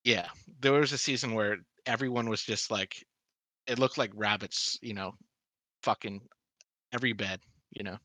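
Blunt, forceful man chatting on a podcast. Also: on the low side, steady tone, normal speed, no echo. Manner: blunt, swears freely, laughs easily. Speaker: podcast co-host. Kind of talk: casual chat, answering quiz questions.

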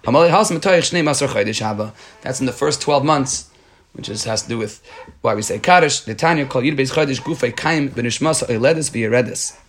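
A man with a brisk, mid-range voice teaches a Talmud page, reading the Aramaic text aloud before explaining it in English. His explanations come with frequent restarts.

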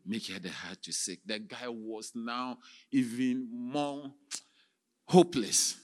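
A man preaching as a theatrical storyteller, with sudden shouts and sound effects. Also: medium pitch, takes it slowly. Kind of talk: dramatic sermon storytelling.

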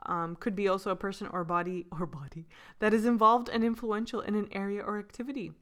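A woman's voice: medium pitch, fairly even intonation, fast talker, a bit bright. A woman co-hosting a casual podcast chat, playful and giggly as she reads definitions aloud. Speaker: podcast co-host.

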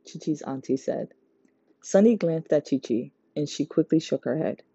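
A woman reading a novel aloud, giving the characters lively voices and going high for the girls. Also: normal speed, breathy edge, dry recording, highs cut off. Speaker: audiobook reader.

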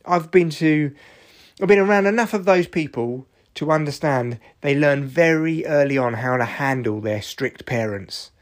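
A man's voice: a little high, moderate pace. A man in his forties, tired and achy, rambling through a sweary, jokey solo podcast monologue. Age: 40s. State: tired, achy after exercise. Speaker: podcast host.

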